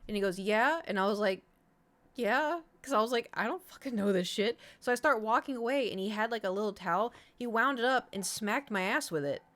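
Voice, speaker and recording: A woman's voice: a little high, brisk, fairly bright tone. A young adult woman streamer telling a rambling story in casual chat, swearing freely. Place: home room.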